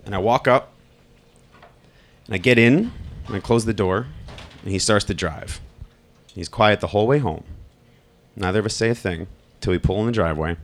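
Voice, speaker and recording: A man's voice: lowish voice, normal speed. A man from Long Island telling a personal story live, candid and wry, swearing freely. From Long Island, New York.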